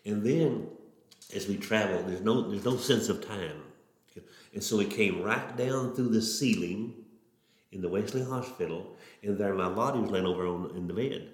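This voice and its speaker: A middle-aged preacher from Oklahoma tells his testimony in a low-sitting voice at a moderate pace, folksy and earnest, stumbling as he starts sentences. The sound has a roomy echo.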